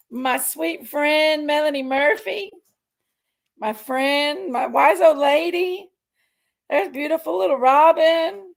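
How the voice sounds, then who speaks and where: A woman hosts a loose, rambling livestream chat, gushing over each viewer who drops in. She talks at an unhurried pace in a high voice with a gravelly edge, stretching out her exclamations. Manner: effusive, greeting viewers one by one. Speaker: livestream host.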